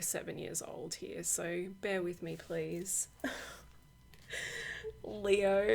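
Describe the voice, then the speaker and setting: A woman's voice: on the low side, vocal fry. A woman author chatting casually through an unboxing walkthrough, rambling with many fillers and frequent laughs. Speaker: oracle deck author.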